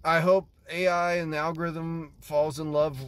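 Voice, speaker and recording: A man's voice: a little high, little pitch movement, moderate pace, clean tone. A man doing a rambling, self-mocking mock financial news vlog while driving a car. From Portland, Oregon, USA. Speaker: comedian vlogger. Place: in a moving car.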